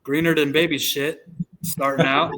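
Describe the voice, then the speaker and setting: A man's voice: fairly high pitch, little pitch movement, normal speed, fairly bright tone, rough recording. Thirties man, podcast guest, loose storyteller, candid and a bit crude. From United States. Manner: candid, profane, rambling anecdotes. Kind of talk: casual storytelling chat.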